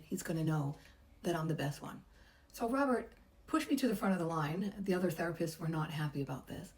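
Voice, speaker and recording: A woman's voice: fairly low pitch, darkish tone, poor audio. A middle-aged woman, a massage therapist, chattily telling a personal story and acting out the voices she quotes. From United States.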